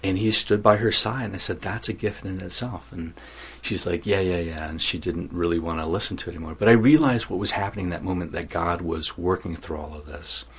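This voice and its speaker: A man's voice: low voice, fast, fairly bright tone, husky. A man as an interview guest, telling his vocation story in an earnest, self-mocking way.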